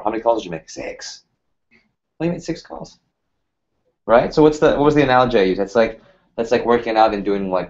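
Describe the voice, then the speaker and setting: A man in his thirties leading a sales team workshop, talking casually and energetically and firing rhetorical questions at the room. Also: fairly low pitch. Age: 30s. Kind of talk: motivational workshop talk. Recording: slightly muffled lo-fi sound.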